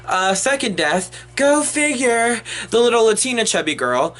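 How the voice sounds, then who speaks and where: Young man, high voice, bright and sharp tone, profane exasperated rambling review. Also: sing-song, normal speed, faint music behind. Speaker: movie reviewer. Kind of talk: unedited ranting review.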